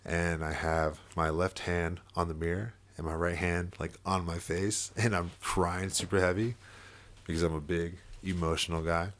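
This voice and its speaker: A man's voice: deep voice, steady tone, moderate pace, fairly bright tone. A young man telling a personal story in casual podcast chat, full of fillers and swearing and with bursts of laughter. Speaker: podcast guest.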